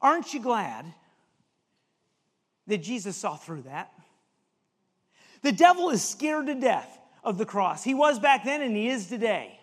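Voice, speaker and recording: A man's voice: high-pitched, very animated, measured pace, pauses often, big-room sound. A male preacher giving an emphatic sermon and reading scripture aloud.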